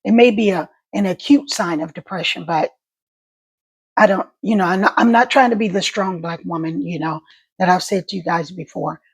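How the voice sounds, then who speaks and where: Middle-aged woman vlogger, gravelly and husky, halting and repetitive, voice catches. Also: fairly low pitch. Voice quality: voice catches and crackles when emotional. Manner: halting speech with repeated words. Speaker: stroke survivor vlogger. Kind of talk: casual talk to camera.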